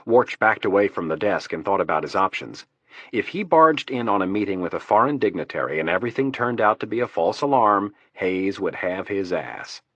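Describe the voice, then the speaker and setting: A male narrator reads a thriller audiobook at a steady, measured pace. His voice is low and husky, recorded close on a studio mic. The sound is dry, with no room echo. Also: lo-fi sound. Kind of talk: scripted narration.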